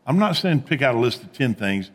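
A man preaching a sermon as pastor, animated, with rising emphatic peaks and quiet low asides. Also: brisk, in a large hall.

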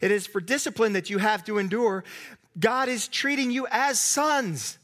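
A man preaching a sermon as pastor, earnest, at times dropping to a soft hush. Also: sits high, normal speed.

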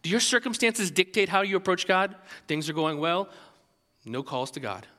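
High, bright-voiced man preaching. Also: moderate pace, big-room sound. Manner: animated, conversational preaching with restarts. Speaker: pastor. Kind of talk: sermon.

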